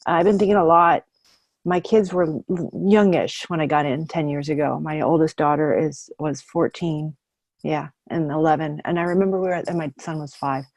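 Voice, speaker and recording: A woman in her fifties speaks openly and with feeling at a support meeting. Her voice is low-set and mellow. The sound is dry and close, as on a video call. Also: fairly even intonation, normal speed, no room sound. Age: 50s. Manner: heartfelt, emotional, candid. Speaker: meeting member sharing. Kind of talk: twelve-step share.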